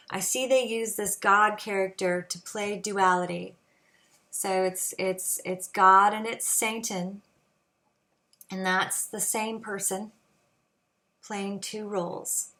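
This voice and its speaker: Reflective woman musing slowly. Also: medium pitch, a bit bright. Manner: slow, reflective, halting with many fillers. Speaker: channel host. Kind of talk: casual spiritual monologue.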